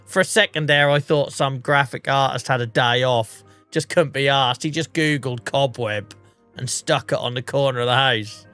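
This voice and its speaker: A man's voice: medium pitch, moderate pace, pushed and bright, smooth, faint music behind. An English man streaming a farming game, under the weather with a cough, chatting in a rambling, self-mocking way. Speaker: livestreamer. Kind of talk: casual gameplay commentary.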